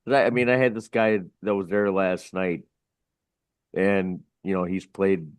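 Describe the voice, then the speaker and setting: A man with a lowish voice recounts karaoke gigs in a relaxed, meandering way, full of fillers. The sound is dry and close. He is co-hosting a casual talk show. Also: a little slow, clear, resonant tone, no room sound. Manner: laid-back, rambling with fillers. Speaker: karaoke DJ co-host. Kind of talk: casual storytelling.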